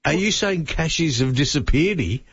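A man's voice: a little high, animated, moderate pace, fairly bright tone. A man with an Australian accent, co-hosting talk radio in a jokey, teasing way. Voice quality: husky. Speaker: radio co-host. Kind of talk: late-night talk radio banter. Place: radio studio. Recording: dull, muffled broadcast sound.

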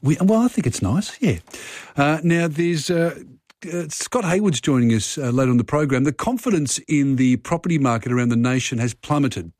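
Easygoing radio host, dry studio sound. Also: male voice, on the high side, animated, moderate pace, a little mellow, no echo. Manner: easygoing, friendly banter with many fillers. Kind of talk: casual radio talk. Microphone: studio mic.

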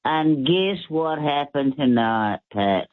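A man's voice: on the high side, animated, slow, no room sound. A man from Western Australia with an Australian accent, calling in to chat casually and rambling as he hunts for words. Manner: chatty, rambling, loses his words. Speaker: caller. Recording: tinny phone line.

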